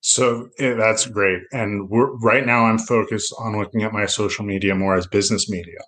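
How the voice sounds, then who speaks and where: A man's voice: on the low side, fairly even intonation, normal speed, fairly bright tone. A middle-aged man from South Florida, a loan officer talking as a podcast guest in a reflective, rambling way with many restarts. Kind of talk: casual interview talk.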